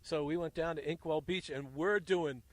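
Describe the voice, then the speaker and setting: Animated man hosting an airfield interview. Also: fairly high pitch, moderate pace. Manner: animated storyteller, jokey. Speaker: host. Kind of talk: field interview. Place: outdoors at a small airfield. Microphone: handheld mic.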